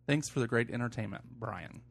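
A man co-hosting a casual podcast at a middling pitch. His voice has a gravelly fry. He jokes freely while reading listener mail and lining up segments. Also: brisk, dry recording. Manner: joking, reads listener emails, runs the show order. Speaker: podcast co-host.

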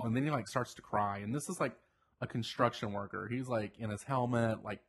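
A man co-hosting a podcast, chatting casually and telling a story with lively acted-out quotes. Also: mid-range voice, fairly quick, husky. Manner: animated storyteller, acts out quoted voices. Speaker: podcast co-host. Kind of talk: casual chat.

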